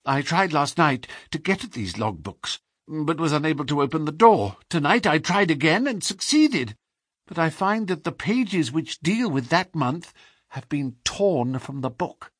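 Man voicing a husky, frightened young suspect. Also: on the high side, big pitch swings, measured pace, fairly bright tone, no echo, clean studio sound, voice pushed up, full character voice. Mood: earnest. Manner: hesitant, pleading confession. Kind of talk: audiobook character voice.

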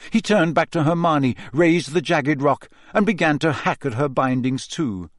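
A man giving a measured, expressive scripted narration of a fantasy novel. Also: fairly high pitch, no room sound, clean studio sound. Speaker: audiobook narrator.

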